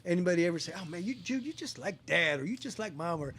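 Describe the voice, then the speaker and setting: High-voiced man asking quick questions. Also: animated, a bit bright, slight background noise. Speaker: interviewer. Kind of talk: casual chat.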